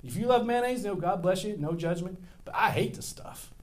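Here the same kind of preacher, a middle-aged man with a high-pitched voice, moves briskly through his sermon. He tells it like a story, keeps it casual, throws in self-deprecating humor, and lets his loudness rise and fall dramatically.

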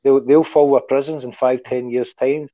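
A man's voice: mid-range voice, fairly even intonation, moderate pace, no echo, lo-fi sound. A Scottish man in casual chat, talking earnestly and keeps asking "you know what I mean".

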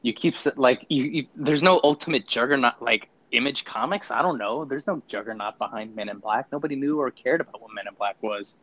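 A man's voice: medium pitch, a little fast, hardly any pauses, fairly bright tone, lo-fi sound. A man co-hosting a podcast, giving a casual, sarcastic movie review and acting out mocking quotes. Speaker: podcast co-host.

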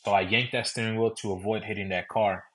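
A man's voice: fairly low pitch, fairly even intonation, fast talker, a bit bright. Young Texan man telling a story. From San Antonio, Texas. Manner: loose, conversational, repeating "I remember". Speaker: podcast host. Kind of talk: personal storytelling.

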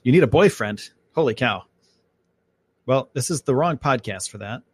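A man's voice: mid-range voice, lively intonation, moderate pace, breathy edge, no room sound. A man hosting a casual live podcast, talking in a loose, rambling, chatty way full of fillers, from home. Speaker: podcast host.

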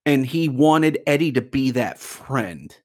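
A man's voice: mid-range voice, expressive, slow, darkish tone. A man in a casual movie discussion, talking animatedly and acting out lines in quoted voices.

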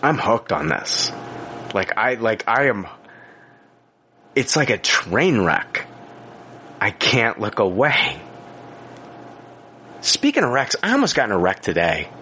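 A man's voice: on the low side, slow pace, pauses often, a little hiss or hum. A man co-hosting a podcast, telling stories in casual chat with lots of swearing and filler words. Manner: animated storytelling, heavy swearing and filler words. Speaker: podcast co-host.

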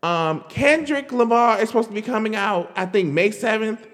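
A man hosting a podcast in a casual solo rant, chatty and animated, filling his talk with "like" and "girl". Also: high-pitched, moderate pace, long reverb tail. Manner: animated, chatty, lots of "like" and "girl", laughs while talking. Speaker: podcast host.

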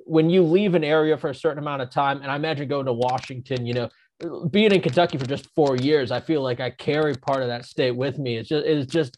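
A man's voice: medium pitch, a little mellow, a little hiss or hum. A man from northern Ohio, a former reporter, chatting on a podcast and telling rambling stories full of restarts. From northern Ohio, United States. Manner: rambling storyteller, many restarts. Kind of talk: casual chat.

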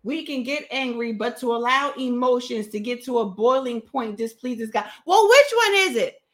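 A woman's voice: on the high side, animated, normal speed. A woman hosting a podcast, giving sarcastic, mocking commentary on a book she reads from and often laughing at her own jokes. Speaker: podcast host.

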